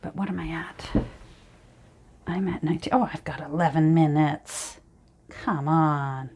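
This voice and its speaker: A woman's voice: low-pitched, unhurried, a little mellow, a little hiss or hum. A middle-aged woman with a Canadian accent, chattering casually while she crafts, rambling and chiding herself with many ums and sighs. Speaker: crafting vlogger.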